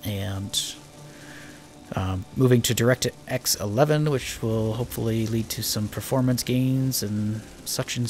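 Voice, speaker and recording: A man's voice: lowish voice, a little mellow. A man giving casual, rambling let's-play commentary while playing a space building game, joking at his own expense. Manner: chatty, rambling, self-mocking. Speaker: gaming channel host.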